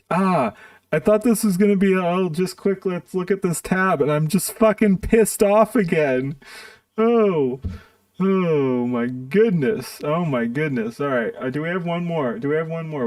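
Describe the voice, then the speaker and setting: A man's voice: on the high side, a little mellow, dry recording, recorded from a distance. A man streaming live, ranting in a profane, exasperated way while reacting to videos. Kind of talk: casual stream commentary.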